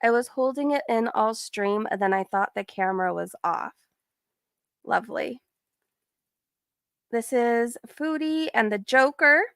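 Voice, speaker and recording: A woman's voice: on the high side, expressive, unhurried, long pauses, a bit bright, clean tone, dry recording, studio quality. A woman casually commenting on clips and reading chat messages aloud on a live stream, often breaking into giggles.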